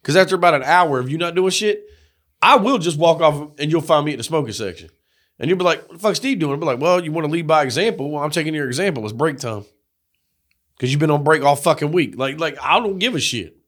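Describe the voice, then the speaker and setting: A man's voice: fairly high pitch, fast talker. Casual male podcast co-host, slightly raised voice, swears constantly, acts out the stories he tells. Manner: profane, animated storytelling with acted-out quotes. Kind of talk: casual crude banter.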